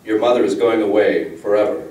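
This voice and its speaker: A man reading the part of a colossal male god in a storybook reading, with a deep, booming voice and a slow, solemn delivery. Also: steady tone, mellow, far from the mic, natural voice. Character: colossal male black god, calm and menacing. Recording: echoey room, voice from the mic.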